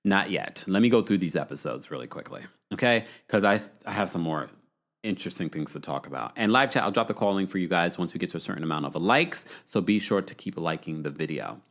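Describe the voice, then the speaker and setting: A man hosting a live reality TV recap show, reading viewer chat comments aloud and laughing often in an animated way. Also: low-pitched, fast. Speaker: podcast host.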